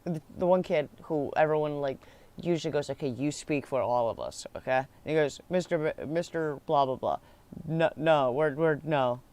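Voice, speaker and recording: A man's voice: fairly high pitch, normal speed, darkish tone. A young man telling a school story in a rambling, casual way, laughing and swearing as he goes.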